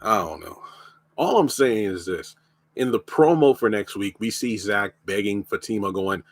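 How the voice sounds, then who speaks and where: A man's voice: fairly low pitch, normal speed. A man with a lingering cough, bluntly reviewing a TV show in a casual live stream. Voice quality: blunt, opinionated.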